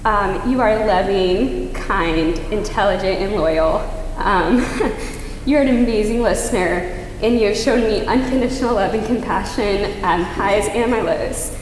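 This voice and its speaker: A woman's voice: mid-range voice, measured pace, a little hiss or hum. A woman in her twenties giving a heartfelt rehearsal dinner toast to her closest friend, with many hesitant ums. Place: large dinner venue. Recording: echoey hall, faint ambience.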